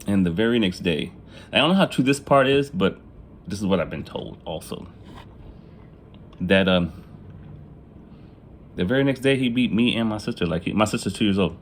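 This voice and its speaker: A man's voice: lowish voice, lively intonation, moderate pace, pauses often, a little hiss or hum. A man telling his own life story in a casual, profane way, laughing at his own jokes and acting out family members. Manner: acts out family members in quoted lines.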